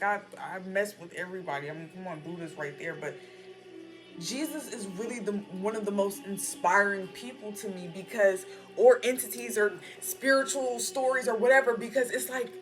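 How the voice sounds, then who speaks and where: A woman giving a casual, slangy spiritual pep talk while reading tarot cards. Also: medium pitch. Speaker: tarot reader. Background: background music.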